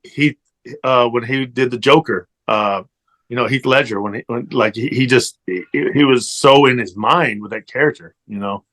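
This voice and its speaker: A man's voice: mid-range voice, moderate pace, fairly bright tone. A man from Tennessee with a strong Southern accent, telling stories as a guest in a casual interview, rambling with fillers and restarts. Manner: rambling storyteller, many fillers and restarts, laughs easily. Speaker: actor guest.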